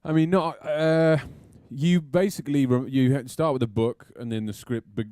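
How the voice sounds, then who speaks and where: A man, an actor guest, talking in a halting way with many restarts and a dry sense of humor. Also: mid-range voice, steady tone, dark tone, no echo. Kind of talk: casual interview chat.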